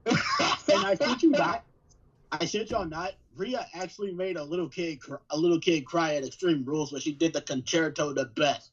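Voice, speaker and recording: A man's voice: fairly high pitch, moderate pace, breathy edge. A man co-hosting a podcast, telling stories casually with frequent restarts. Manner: storytelling with repeated restarts. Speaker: podcast co-host. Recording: dull lo-fi sound.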